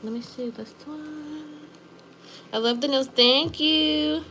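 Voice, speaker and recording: A woman's voice: high voice, slow pace, a little hiss or hum, rough recording. Chatty woman nail artist on a livestream. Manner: chatty, animated, says "like" often. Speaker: nail artist streaming live. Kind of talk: casual livestream chat. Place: nail studio.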